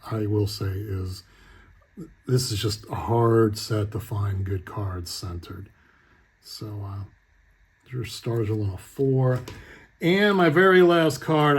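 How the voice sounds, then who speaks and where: A man's voice: medium pitch, darkish tone, breathy edge. A middle-aged man chatting casually as he shows off his collection, telling rambling stories and correcting himself as he goes. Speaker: card collector host. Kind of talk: casual show-and-tell chat.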